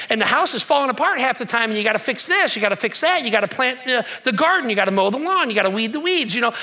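A man preaching a sermon as pastor, repeating key phrases with emphatic pauses. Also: very high-pitched, sharp tone.

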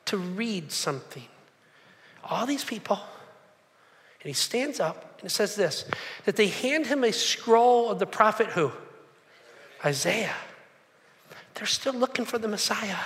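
A male pastor preaching with a very high, bright, forceful voice. He jumps into lively crowd voices as he tells the story. His words ring out in a long, echoing hall. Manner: animated, acts out crowd voices. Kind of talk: sermon.

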